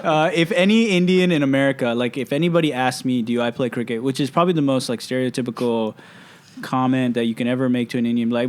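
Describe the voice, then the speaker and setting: A man's voice: mid-range voice, fast talker, smooth. A man co-hosting a podcast in casual chat, joking around and reading out figures. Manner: joking, reads stats aloud. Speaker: podcast co-host.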